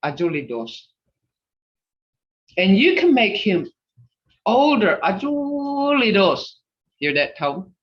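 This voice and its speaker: A woman's voice: fairly low pitch, very animated, slow pace, pauses often. A woman teaching a language class over a video call, patiently repeating each word and drilling it. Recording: roomy, distant, dull video call audio.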